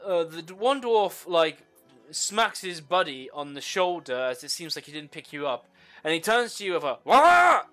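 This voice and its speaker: A man narrating as the game master of a tabletop game, pausing often with fillers while he describes scenes. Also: a little high, animated, a bit bright, faint music behind.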